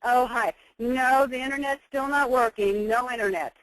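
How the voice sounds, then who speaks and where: A woman's voice: on the high side, moderate pace, poor audio. Hesitant woman playing a caller. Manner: hesitant, stammers and asks for repeats. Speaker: caller in a role-play. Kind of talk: customer service role-play.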